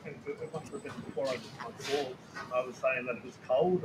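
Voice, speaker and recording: A man's voice: mid-range voice, fairly even intonation, a little fast. Man in casual roomy chat. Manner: rambling, restarts often, swears casually. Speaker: food review video maker. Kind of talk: casual chat on a live stream. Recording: roomy space with faint ambient noise.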